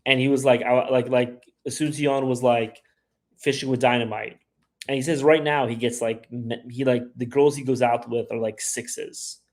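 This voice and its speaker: Hosting a travel livestream, a man works through viewer questions in a rambling, casual way, full of "like" and "you know what I mean," slipping into voices for quotes. He speaks at a moderate pace in a medium, darkish voice with fairly even intonation.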